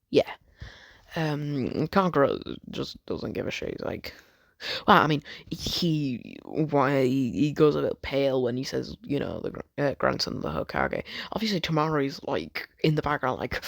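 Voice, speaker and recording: A man's voice: on the high side, lively intonation, moderate pace, creaky, a bit bright, dry recording, clean studio sound. A man rambling through a fan story, swearing a lot, cutting himself off and joking about it. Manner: rambling, sweary, self-interrupting, jokey.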